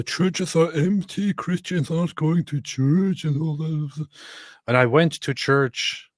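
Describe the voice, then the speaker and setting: A man's voice: lowish voice, dry recording, clean studio sound. A man hosting a casual livestream, reading viewer messages and rambling with many fillers and restarts. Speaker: livestream host. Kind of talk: casual livestream chat reading super chats.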